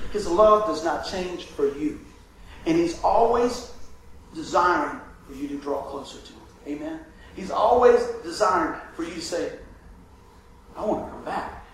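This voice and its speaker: High-voiced preacher heard from far off. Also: male voice, slight background noise. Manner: call-and-response preaching, asks for amens; swings from hushed to loud and drawn out. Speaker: pastor. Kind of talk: sermon. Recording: echoey room picked up from far off.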